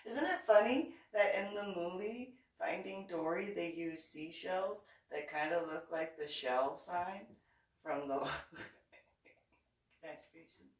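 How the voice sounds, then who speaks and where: A woman vlogger telling a rambling personal story in casual talk, laughing often between lines. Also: fairly low pitch. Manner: lively, rambling anecdotal delivery. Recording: echoey room, distant from mic.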